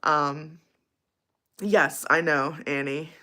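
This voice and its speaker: A woman's voice: deep voice, drawn-out words, bright, forceful tone. A young woman casually chatting with viewers on her livestream, bubbly and giggly, with lots of likes and ums. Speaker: livestream host.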